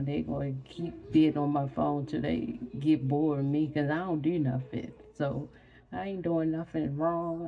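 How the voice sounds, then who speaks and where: Sleepy woman, gravelly voice, slow rambling casual chat. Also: low-pitched, highs cut off. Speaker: vlogger.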